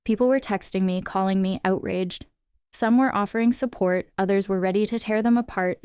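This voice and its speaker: Woman, story narrator, mid-pitched, clean resonant voice, dry close recording. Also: brisk, darkish tone, smooth, no echo. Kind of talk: scripted first-person story narration.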